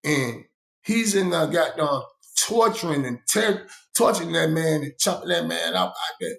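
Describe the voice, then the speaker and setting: A man tells a story in a loose, rambling way, swearing freely. His voice sits somewhat high. The recording has a roomy echo. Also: big pitch swings, moderate pace, vocal fry, fairly bright tone. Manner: profane, rambling, conversational. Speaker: vlogger. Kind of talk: storytelling monologue.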